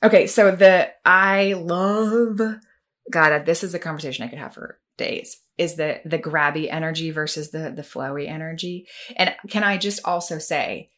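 A woman hosts the talk in a somewhat low voice. She is emphatic and excited, and she circles back and restarts as her thoughts tumble out. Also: normal speed. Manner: enthusiastic and emphatic, with many restarts. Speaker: host. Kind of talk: casual podcast chat.

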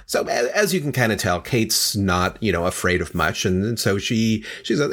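A man's voice: lowish voice, unhurried, few pauses, a bit bright. A man casually retelling a folktale, chatty, with lots of fillers and asides. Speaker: storyteller.

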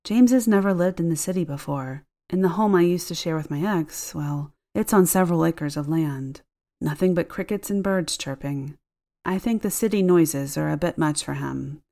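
A woman voicing a sick, sleepy homeowner who is uneasy and lonely, speaking softly and hesitantly. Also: low-pitched, moderate pace, creaky. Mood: reassuring. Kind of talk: audiobook character voice.

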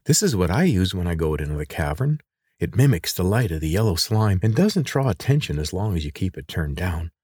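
Here the same male narrator gives full character voice to a blunt, sarcastic teen girl who takes offense quickly, pitching higher than his natural range with lively rises and falls. Her tone is husky, guarded and bitter, recorded dry and close.

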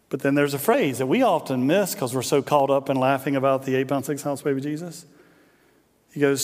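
A man's voice: mid-range voice, brisk, a little mellow. A middle-aged man preaching a sermon as a pastor, in a conversational, joking storytelling manner that often repeats "and, and". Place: church sanctuary. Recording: long hall reverb in a church.

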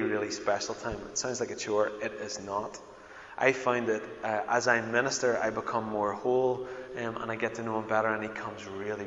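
Middle-aged Northern Irish man, pastor, emphatic sermon, dull roomy hall sound. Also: lowish voice. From Northern Ireland. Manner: emphatic, swings between loud proclaiming and quiet intimate storytelling. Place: church hall. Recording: dull, echoey hall recording.

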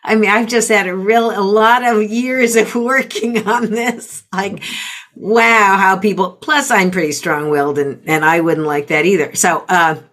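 A middle-aged woman coaching parents in conversation, calmly explaining with example phrases. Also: mid-range voice. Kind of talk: conversational teaching.

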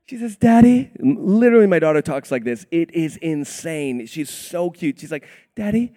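Animated high-voiced male preacher. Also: normal speed, in a large hall. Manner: animated, storytelling, laughing often. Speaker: pastor. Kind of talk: sermon.

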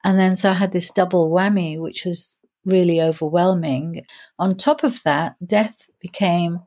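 A woman in her sixties, a grief coach telling her own story in an interview, reflective and earnest, slowing down to stress key points. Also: fairly low pitch, steady tone, darkish tone. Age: 60s. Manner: reflective, earnest, slows down for emphasis.

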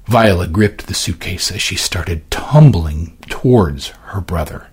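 A man's voice: on the low side, husky. A man giving dramatic scripted narration of a novel as an audiobook narrator. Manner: dramatic, swinging delivery.

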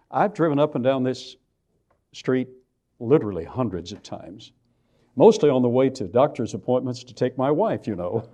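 A man's voice: medium pitch, dark tone. An older man with a Texan accent gives a church lecture in a folksy way, stretching out words he wants to stress. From Texas. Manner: folksy storytelling with slow emphatic stresses. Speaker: creationist lecturer.

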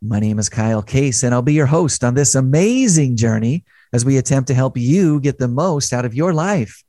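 A man's voice: mid-range voice, lively intonation, moderate pace, warm tone, no echo. A middle-aged man hosting a studio chat show, upbeat and chatty with jokey asides. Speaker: host.

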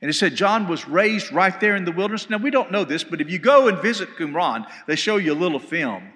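A man gives a sermon-style Bible lecture with a lively, swooping pitch and a bright, forceful tone. His voice sits a little high for a man. The live church hall recording carries a long reverb tail. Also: fairly quick. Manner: animated storytelling, shouting quoted lines. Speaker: Bible study teacher.

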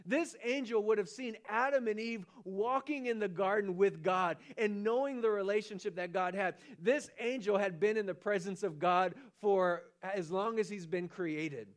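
A man preaching a sermon as pastor, animated, often restarting and repeating his words. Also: high-pitched, normal speed, few pauses. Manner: animated, acts out the angel's lines with rising excitement.

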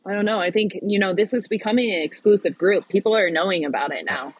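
Animated, husky-voiced woman chatting. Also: medium pitch, dry recording, low-quality recording. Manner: animated, fast, laughs often. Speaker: podcast guest, pickleball player. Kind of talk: casual chat.

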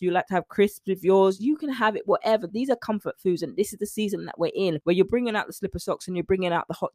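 A woman's voice: lowish voice, no echo, studio quality. A woman talking as a nutrition and mindset coach, in a chatty, preachy motivational way with church-style call-outs. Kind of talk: motivational talk to camera.

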